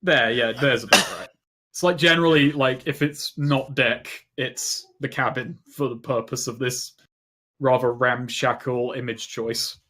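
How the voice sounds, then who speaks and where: A man's voice: mid-range voice, steady tone, unhurried, sharp tone. Casual male game master, rambling, narrates a tabletop session.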